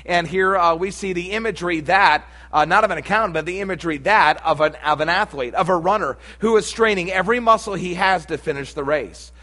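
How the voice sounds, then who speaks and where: A man's voice: sits high, brisk, hardly any pauses, bright, forceful tone. Folksy storytelling preacher, man. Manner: storytelling, humorous, folksy asides. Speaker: pastor. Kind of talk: sermon with personal story.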